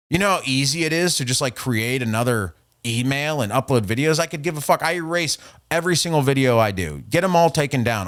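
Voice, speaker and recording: A man's voice: mid-range voice, animated, brisk, fairly bright tone. A man hosting a podcast, casually recounting an online argument in a profane, trolling way and reading messages aloud. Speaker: podcast host. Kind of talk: casual storytelling.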